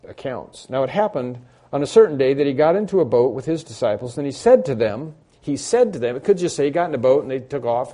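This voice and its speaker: A pastor delivers an expository sermon conversationally, repeating key phrases for emphasis and making fun of himself. His voice is medium-pitched and mellow.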